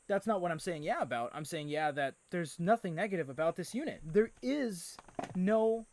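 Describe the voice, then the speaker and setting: A man hosting a live stream, chatting casually and reading out viewer comments with excitable energy. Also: high-pitched, moderate pace, dry recording. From Canada. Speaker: livestream host.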